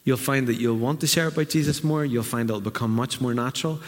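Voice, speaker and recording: Man, middle-aged, pastor, earnest sermon, medium pitch, long church hall reverb. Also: fast. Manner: earnest preaching with vivid acted asides.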